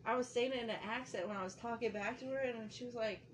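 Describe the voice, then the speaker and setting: A woman's voice: on the high side, fast, a little hiss or hum, low-quality recording. A woman co-hosting a podcast in casual group chat, telling stories with laughter. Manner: laughing, self-mocking storyteller. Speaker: podcast co-host.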